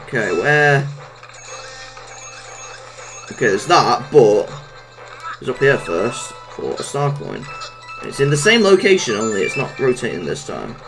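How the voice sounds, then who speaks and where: A woman giving gameplay commentary, exclaiming and reacting loudly to what happens in the game. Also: extremely low pitch, sing-song, unhurried, long pauses, music in the background. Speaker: let's play gamer.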